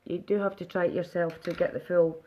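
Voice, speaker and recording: A woman's voice: on the low side, fairly even intonation, brisk, lo-fi sound. A woman chatting casually through a live makeup demonstration, narrating each step aloud.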